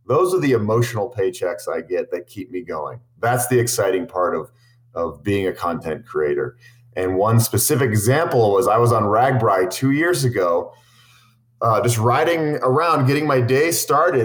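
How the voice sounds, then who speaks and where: A man's voice: medium pitch, moderate pace. A man who makes cycling videos, answering interview questions with long, earnest, enthusiastic stories, full of restarts. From Boulder, Colorado. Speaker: cycling content creator.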